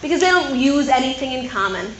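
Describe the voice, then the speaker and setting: A woman preaching to a gathering of Christian women in a chatty, animated way, often checking in with "right?". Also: high voice, brisk. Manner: conversational, animated, keeps asking "right?". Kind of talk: sermon. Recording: echoey room, faint noise.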